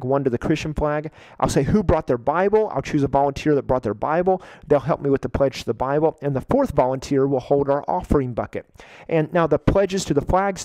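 A man who trains children's ministry volunteers, explaining in a relaxed, conversational way and now and then acting out what he says to the kids. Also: fairly high pitch, dry recording, rough recording. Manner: conversational, acts out kids' church lines with a lively raised voice. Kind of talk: instructional talk.

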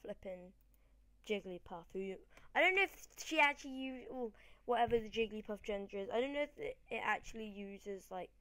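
A woman gamer talks through her battles in rambling, excitable commentary. Her voice sits at a middling pitch, cheering loudly one moment and mumbling the next. The sound is dry and close, picked up by a desk microphone. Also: brisk, no room sound. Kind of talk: let's-play commentary.

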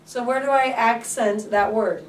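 A woman teaching a Spanish class, asking students questions and drawing words out slowly. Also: a little high, slight background noise. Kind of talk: classroom lesson. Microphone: camera from across the room. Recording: echoey classroom from far off.

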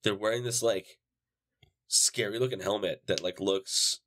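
A man with a very low voice chats casually as a podcast co-host. He stays laid-back and often keeps his replies short. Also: steady tone, a little slow, fairly bright tone. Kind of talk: casual chat.

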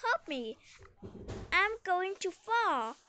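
A woman voicing an excited young boy dog in a children's storybook reading. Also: very high-pitched, takes it slowly, a little hiss or hum, full character voice.

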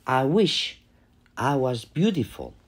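A man's voice: mid-range voice, very animated, slow, breathy edge, voice pushed up, heavily acted. A man voicing a sad, wistful little female brown moth in a storybook reading, in a raised, plaintive voice.

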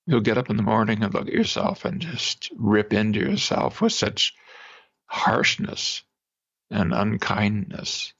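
A man, a psychologist guest on a podcast interview, explaining exercises in an animated way and demonstrating them aloud. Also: fairly low pitch, measured pace, creaky, husky. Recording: dull lo-fi remote audio.

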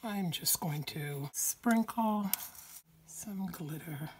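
A woman hosting a craft tutorial, slightly hoarse from a cold, explaining each step slowly and carefully. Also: lowish voice, darkish tone, slight background noise.

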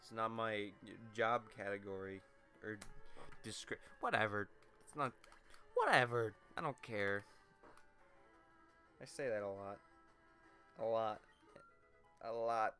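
A man with a fairly low voice rambles through a let's play, trading crude jokes and digs at himself. Game music plays faintly underneath his commentary. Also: slow pace, long pauses, pushed and bright, clean tone. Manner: rambling, crude, self-mocking joking.

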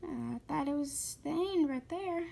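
A woman giving excitable, gushing commentary to her viewers while shopping in a game. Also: high-pitched, moderate pace, vocal fry. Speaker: gaming vlogger.

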